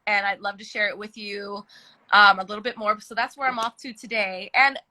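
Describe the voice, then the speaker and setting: Bright, enthusiastic woman on a video call. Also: mid-range voice, steady tone, a little fast. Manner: enthusiastic and affectionate. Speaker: guest. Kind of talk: casual live chat. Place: in bed at home.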